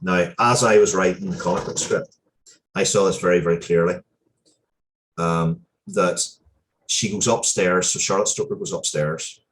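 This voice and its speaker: A very deep-voiced man speaks as an interview guest, earnest and heartfelt. He often pauses and restarts his sentences, with a faint hum of noise behind him. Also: steady tone. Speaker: interview guest, comic book writer. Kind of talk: casual interview storytelling.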